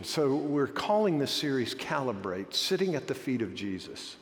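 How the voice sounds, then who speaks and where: Conversational preacher in a reverberant hall. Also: male voice, mid-range voice, expressive, measured pace, few pauses, a bit bright. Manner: conversational, self-deprecating, joking. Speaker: pastor. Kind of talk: sermon.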